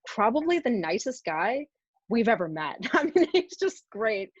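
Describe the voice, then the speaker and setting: A woman's voice: a little high, sing-song, unhurried, slightly rough, no room sound. A woman in a casual chat, telling a story in a chatty way and filling it with "like". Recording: dry, dull lo-fi sound.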